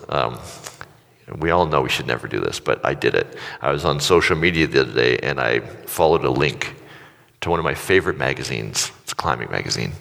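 A man's voice: very deep voice, gravelly, fairly bright tone. A middle-aged man preaching a sermon, telling self-mocking stories in a casual, joking way. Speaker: pastor. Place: church hall. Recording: church hall with long reverb.

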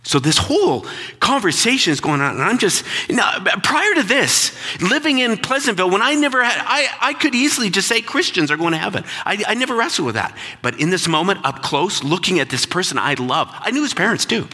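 Brief: middle-aged man, pastor, sermon storytelling, bright husky voice, echoing hall. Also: high-pitched, big pitch swings, brisk. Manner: conversational, reflective, repeats words when emphatic.

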